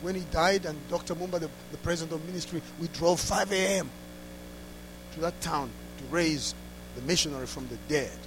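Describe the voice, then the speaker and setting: A man preaching a sermon through a story, dropping to hushed asides and rising to loud exclamations. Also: a little high, brisk, noisy background. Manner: laughs between lines.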